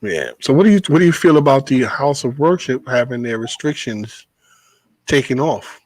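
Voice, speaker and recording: A man hosting a casual talk show, a bus driver telling stories in an animated, profane way. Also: medium pitch, normal speed, dry recording, poor audio. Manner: animated storytelling, swears freely, laughs. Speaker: podcast host, bus driver. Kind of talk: casual chat.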